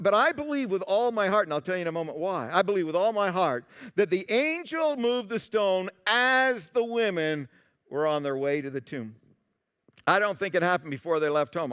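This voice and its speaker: A male pastor preaching a sermon, animated, moving between loud emphatic lines and quiet asides. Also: high voice. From Canada.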